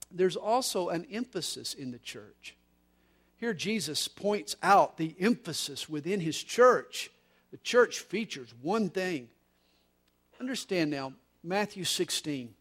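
A man preaching a sermon as pastor, moving between soft, low stretches and loud, emphatic ones, with occasional repeated words. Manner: preaching with wide swings in loudness, from soft to emphatic.

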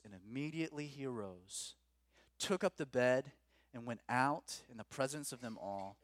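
A man preaching a sermon as pastor, rising to loud emphatic peaks and dropping to quiet, low lines. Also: sing-song, normal speed, no room sound, studio quality. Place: church.

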